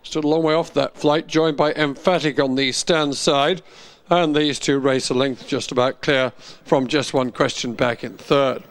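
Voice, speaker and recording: A man giving horse racing commentary, calling the runners steadily and rising with excitement at the finish. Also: medium pitch, normal speed. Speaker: racecourse commentator.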